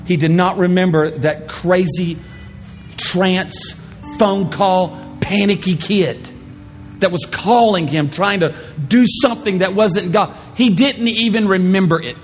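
A man pastor telling a personal story in a sermon, animated, swinging from hushed to loud. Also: high voice, takes it slowly. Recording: echoey hall with faint music.

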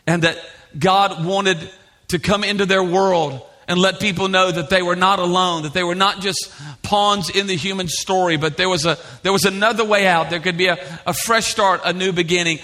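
A middle-aged man preaching a sermon in a church, telling stories in a conversational way and asking the congregation questions. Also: sits high. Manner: storytelling, animated and conversational, asks the congregation questions. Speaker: pastor.

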